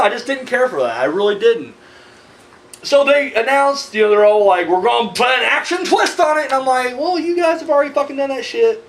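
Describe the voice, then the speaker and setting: A man's voice: high-pitched, fairly bright tone, poor audio. A man ranting casually in a video response, profane and rambling, tired and worked up. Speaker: horror movie vlogger.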